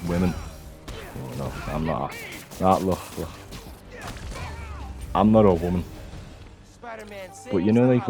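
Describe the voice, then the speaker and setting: Deep-voiced swearing man ranting. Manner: swearing, blunt, ranting with frequent restarts. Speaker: vlogger. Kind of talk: unscripted rant to camera.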